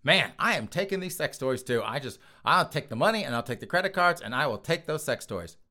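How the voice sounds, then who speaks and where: Guy doing a smug little burglar voice, offhand, bouncy pitch. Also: lively intonation, brisk, pushed and bright. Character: sneaky casual male burglar.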